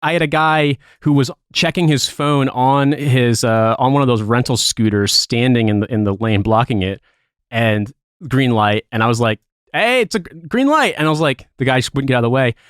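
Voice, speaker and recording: A man tells a story in casual podcast chat. He rants with a lot of profanity and keeps the story animated. His voice sits at a middle pitch and is recorded dry and close. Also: normal speed, clean tone, dry recording. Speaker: podcast co-host.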